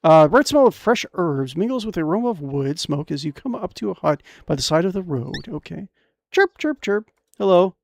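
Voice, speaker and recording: A young man streams a fantasy adventure game, reading its text aloud with crude jokes in an excitable, jokey manner. His voice is fairly high and fairly quick with vocal fry, hardly pausing, and there's no echo.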